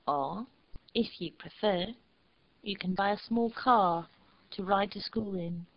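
A woman voicing an earnest father in a storybook, speaking low and hushed. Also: slow, lo-fi sound. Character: earnest grown man, a father, grave and quiet.

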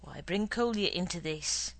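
A woman's voice: fairly low pitch, lively intonation, measured pace, low-quality recording. Woman reading as a dry, stingy husband. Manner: dry, lecturing, penny-pinching. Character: stingy, stern middle-aged husband.

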